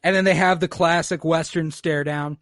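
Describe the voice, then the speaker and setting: A man's voice: a little high, fairly even intonation, normal speed, heavy background noise. A man hosting a podcast, casually recapping an episode in a laid-back, profane way and acting out the characters' lines. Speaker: podcast host.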